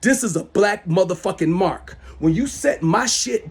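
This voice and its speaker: Heated, raspy middle-aged man ranting. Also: high-pitched, animated, measured pace, hardly any pauses. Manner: heated, profane, repetitive. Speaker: self-styled show host. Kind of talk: angry rant to camera. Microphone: smartphone.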